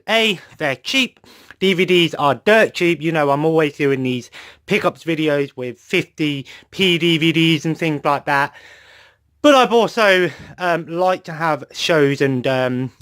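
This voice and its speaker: A man's voice: on the high side, a bit bright, no room sound. Chatty man, rambling vlog. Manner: rambling, chatty, many fillers. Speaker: collection video host. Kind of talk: casual collection vlog. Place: son's bedroom at home.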